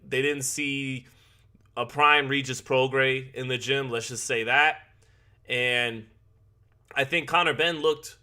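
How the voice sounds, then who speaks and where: A man's voice: medium pitch, sharp tone. A man hosting a live boxing watch-party stream from his basement, chatting and greeting viewers by name. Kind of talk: live-stream commentary with chat shout-outs. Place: home basement.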